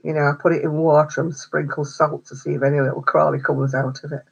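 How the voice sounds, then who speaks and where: Lady chatting to her stream, husky voice, bit muffled lo-fi sound, laughs a lot. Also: sits low, little pitch movement, fast talker. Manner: chatty, laughs often, answers comments. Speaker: craft livestream host. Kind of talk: casual chat with live viewers.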